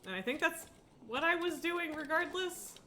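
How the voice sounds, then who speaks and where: A woman's voice: very high-pitched, animated, moderate pace, pushed and bright, a little hiss or hum. Chatty woman streamer who laughs a lot. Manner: chatty, laughs often, coos baby talk to her cat. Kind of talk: casual live-stream chat while gaming. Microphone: headphones on, desk setup.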